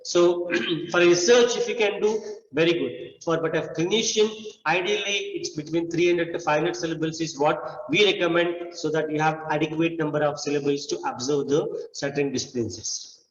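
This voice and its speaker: A man's voice: on the high side, moderate pace. A man with an Indian English accent giving an academic lecture, explaining step by step with frequent "okay" and "you know". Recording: distant echoey hall, dull sound.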